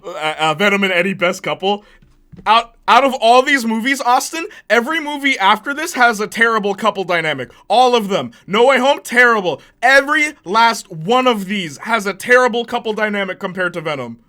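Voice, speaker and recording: Excitable high-voiced man ranking movies. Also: fairly quick. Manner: excitable, laughs often, slangy. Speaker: host. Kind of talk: casual movie ranking commentary.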